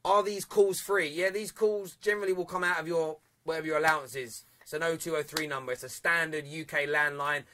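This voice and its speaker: A young man hosts a live football phone-in, chatting with callers and reading out viewer comments. His voice sits high and sounds bright and forceful, and he laughs loudly and often. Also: fairly even intonation, brisk, few pauses, a little hiss or hum. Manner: reads viewer comments aloud. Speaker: phone-in show host.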